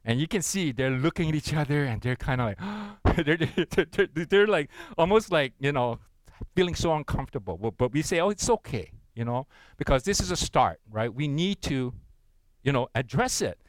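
A man's voice: on the high side, lively intonation, moderate pace, no room sound. A middle-aged man preaching a sermon, leading the congregation in reading aloud and checking in with frequent tag questions in an earnest, encouraging way. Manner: interactive, leads congregation in unison reading. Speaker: pastor.

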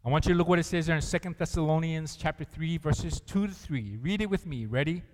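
A man's voice: fairly high pitch, fast, a little mellow. A man preaching a sermon as pastor, earnest, often laughing and putting questions to the congregation. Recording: long reverb of a large hall.

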